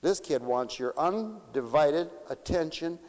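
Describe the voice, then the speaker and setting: A male preacher delivering an impassioned sermon, swinging between shouted appeals and quiet asides. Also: fairly high pitch, expressive, takes it slowly. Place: church. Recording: dull recording in a reverberant church.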